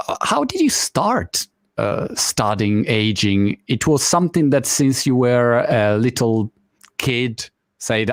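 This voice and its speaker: Italian-accented male host, very expressive pitch, dry close sound. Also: no room sound. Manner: animated, quick to laugh. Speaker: interview host. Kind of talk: casual interview chat.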